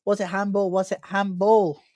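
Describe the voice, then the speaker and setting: A woman hosting a live football watchalong, giving chatty play-by-play and building excitement whenever an attack comes. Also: mid-range voice, moderate pace, dry recording. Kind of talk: live match commentary.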